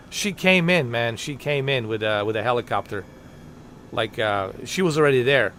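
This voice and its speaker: A man's voice: mid-range voice, lively intonation, moderate pace, a bit bright, a little hiss or hum. A man livestreaming a flight game, rambling in an exasperated, joking way and muttering asides under his breath. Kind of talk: casual gaming commentary.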